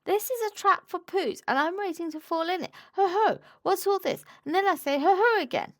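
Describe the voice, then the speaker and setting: Piglet, a tiny squeaky nervous piglet, as a woman puts him on. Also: expressive, moderate pace, a bit bright. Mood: flustered. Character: very small timid male piglet, anxious and squeaky. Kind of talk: storybook read-aloud.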